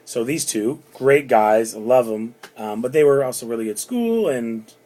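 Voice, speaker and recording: A man's voice: medium pitch, animated, normal speed, warm tone, rough recording. A man in his thirties from Canada, rambling chattily through a personal story and acting out the people he quotes. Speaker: bar doorman telling a personal story. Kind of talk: casual spoken anecdote.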